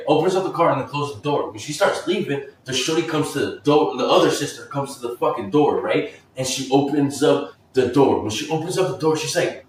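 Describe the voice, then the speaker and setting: Young man, casual storytime, slangy, profane, rambling, echoey room, distant mic, faint background hum. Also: mid-range voice. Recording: roomy echo, mic far off.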